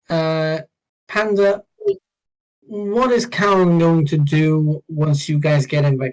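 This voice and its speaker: Slow easygoing guy dm'ing a tabletop game, lots of uhs. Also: on the high side, low-quality recording. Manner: unhurried, halting, with many ums. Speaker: dungeon master.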